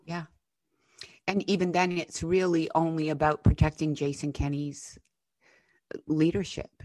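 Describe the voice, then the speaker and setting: A woman with a somewhat low voice delivers impassioned political commentary, angry and emphatic, swearing freely. The sound is dry and close, with no room around it. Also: level tone, measured pace, mellow, no echo. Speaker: podcast co-host.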